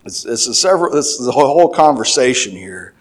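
A man giving a sermon, reading scripture verses aloud and then explaining them, with restarts and fillers, louder and higher on key points. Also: big pitch swings, fairly quick. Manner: grows louder and higher when stressing points. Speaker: preacher.

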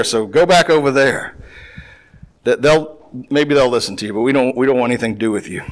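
A man preaching a Bible lesson, his voice sitting in an ordinary middle pitch. He reads verses aloud, then retells them in loose, repetitive everyday talk. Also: moderate pace. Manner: conversational, paraphrasing scripture in plain talk with repetitions. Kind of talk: Bible teaching sermon.

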